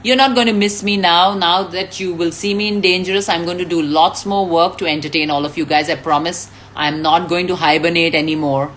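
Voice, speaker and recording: A woman's voice: fairly low pitch, fairly even intonation, fairly quick, few pauses, a bit bright, a little hiss or hum. A woman, chatting casually on a live stream, reading out fan comments, thanking people and laughing often. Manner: reads out names, thanks fans, laughs often.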